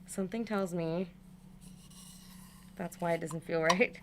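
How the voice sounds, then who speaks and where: Young woman streaming her doll repair, chatty and easily exasperated, bright voice, faint room noise. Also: fairly low pitch, fairly even intonation, unhurried, long pauses. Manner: chatty, narrating her hands-on work, frustrated exclamations. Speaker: doll hobby vlogger. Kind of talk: casual livestream chat while restringing a doll.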